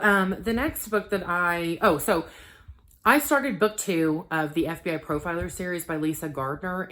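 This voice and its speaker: A woman in her thirties chatting casually about the books she read, full of ums and likes, getting animated when she quotes conversations. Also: deep voice. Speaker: book vlogger. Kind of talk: casual book review chat.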